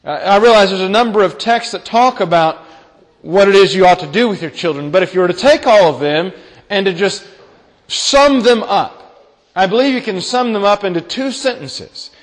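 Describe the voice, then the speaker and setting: A man's voice: high-pitched, moderate pace, big-room sound, poor audio. A young man preaching a sermon to a congregation, earnestly repeating key phrases and putting questions to the listeners. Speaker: pastor.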